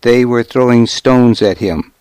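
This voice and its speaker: A man's voice: medium pitch, a little slow, darkish tone, smooth, no echo, close to an everyday voice. A man voicing a humble, nervous male pelt trader who speaks deferentially in an audiobook. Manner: deferential, keeps saying lord.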